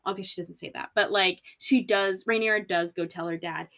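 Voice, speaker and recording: A woman hosting a podcast in a casual, animated way, full of "like" and swearing, slipping into quick quoted voices for characters. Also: on the low side, gravelly. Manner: animated, filler-heavy valley-girl talk, acts out characters in quick quoted voices; swears freely and laughs at herself. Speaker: podcast host. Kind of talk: casual recap chat.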